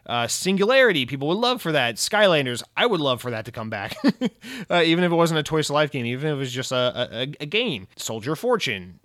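A young man who rants about video games in a casual, rambling, profane and excitable way. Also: a little high, fast talker, no room sound, clean studio sound. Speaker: gaming commentator. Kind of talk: casual rant.

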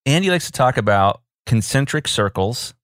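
A man's voice: medium pitch, animated, normal speed, a bit bright, no room sound, clean studio sound. A man co-hosting a podcast, explaining business ideas playfully with examples. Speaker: podcast co-host. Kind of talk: casual podcast chat.

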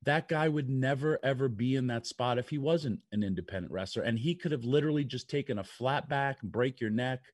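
Older male radio co-host, rambling storyteller, middle pitch, dry close sound. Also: brisk, hardly any pauses, dry recording. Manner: rambling storyteller, lots of fillers. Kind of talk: casual radio talk.

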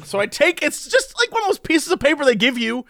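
A man's voice: very high voice, fast talker, vocal fry, dry recording, studio quality. A man telling a long story in casual chat, laughing often and acting out the people in it. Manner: animated, laughing often, mimics others in the story.

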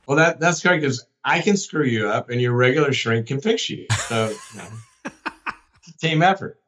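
A man's voice: medium pitch, animated, moderate pace, a bit bright. A man speaking as a guest psychologist in an interview, joking and often repeating words as he gets going. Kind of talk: casual interview talk.

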